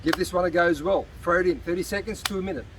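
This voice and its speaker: Talking very fast in a high voice, a man coaches viewers through a casual workout at a beach park, a bit out of breath but encouraging throughout. The fitness demo is caught on a distant outdoor mic amid traffic noise.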